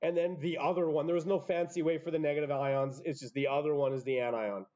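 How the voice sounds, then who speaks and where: A man's voice: on the high side, fairly even intonation, fast, darkish tone. Muffled chemistry teacher, man lecturing. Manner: explains step by step, self-interrupting asides. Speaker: high school chemistry teacher. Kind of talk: classroom lecture.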